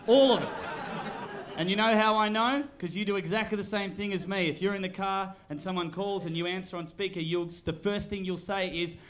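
An Australian man performs stand-up on a club stage, his voice riding high as he tells stories and breaks into shouted punchlines. A live crowd laughs loudly throughout. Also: brisk, a little hiss or hum. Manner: animated storytelling, bursts into shouting. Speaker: stand-up comedian. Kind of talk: stand-up comedy set. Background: audience laughter.

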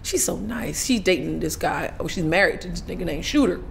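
A woman guest on a casual talk show, telling lively stories, swearing freely, laughing often and acting out other people's lines. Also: on the low side, brisk, gravelly, a little hiss or hum. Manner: laughs often while talking. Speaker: podcast guest. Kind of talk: casual storytelling interview.

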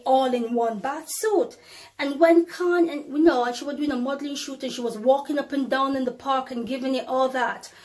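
A woman, preaching as she recounts a vision, calling her listeners brothers and sisters. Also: high voice. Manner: addresses viewers as brothers and sisters, ladies and gentlemen; storytelling with emphatic rises and drops in loudness. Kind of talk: testimony to viewers.

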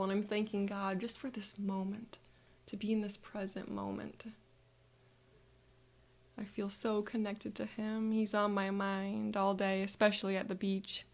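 A woman narrating a calm guided visualization in the first person, speaking softly and sometimes slipping into breathy whispers. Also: mid-range voice, measured pace.

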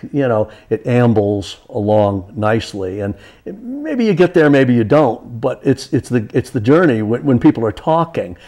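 A man's voice: mid-range voice, darkish tone. A man, an author as a guest, telling stories in a casual community TV studio interview, chatty and full of restarts.

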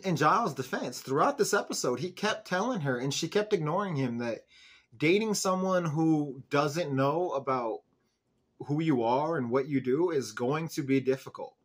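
A man hosting a fan show, casually recapping a TV episode in a chatty way, full of "like" and "um". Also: medium pitch. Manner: chatty, peppered with "like" and "um", animated retelling. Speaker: show host reviewing an episode.

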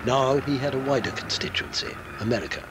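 A man reading scripted documentary narration in a measured, expressive way. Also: medium pitch, background noise.

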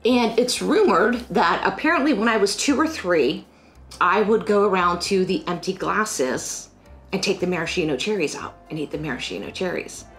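A middle-aged woman from Pennsylvania chatting casually about family holiday memories in a rambling, animated way. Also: on the low side, moderate pace, faint music behind. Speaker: financial firm staff. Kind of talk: casual personal storytelling.

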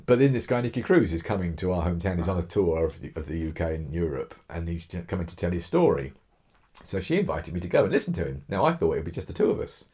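A middle-aged man with an English Kent accent tells his story as a podcast guest, acting out what others said. His voice sits very low and sounds husky. He restarts phrases as he talks. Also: quick pace. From England. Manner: animated storyteller, acts out quotes, frequent restarts. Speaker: interview guest, author. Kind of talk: conversational storytelling.

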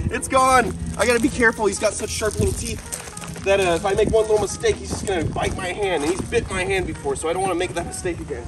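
A young man from the United States hosts a wildlife vlog in a high, excitable voice, with loud music behind him. He chats and explains between attempts, then breaks into yelps and shouts when the action starts. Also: quick pace. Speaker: wildlife vlogger. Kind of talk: excited animal vlog commentary.

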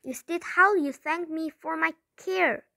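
A woman's voice: sits high, expressive, normal speed, pushed and bright. Woman reading as a possessive witch. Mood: furious.

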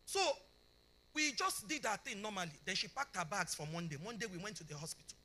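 Animated Nigerian woman preaching a testimony. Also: medium pitch, brisk. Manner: animated storytelling, often asks the congregation if they understand; acts out both sides of dialogues. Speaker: conference speaker. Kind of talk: testimony sermon.

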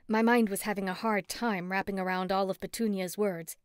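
A woman narrating a first-person story in an expressive, steady audiobook read on a close mic. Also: medium pitch, brisk, clean tone, no echo.

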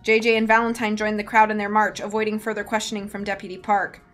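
A woman's voice: mid-range voice, level tone, fast, a bit bright, faint music behind. A woman live-streaming a book reading, narrating plainly and breaking off for chatty, giggly asides.

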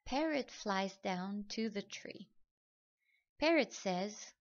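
A woman reading a children's story aloud, slow, careful and clear. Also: medium pitch, lively intonation, dull audio. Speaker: storybook reader.

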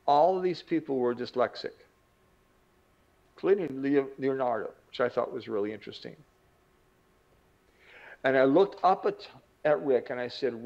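A man's voice: medium pitch, animated, normal speed, pauses often, darkish tone, highs cut off. A man teaching a self-improvement lesson as an earnest, vivid storyteller. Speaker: motivational teacher. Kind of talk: storytelling lecture.

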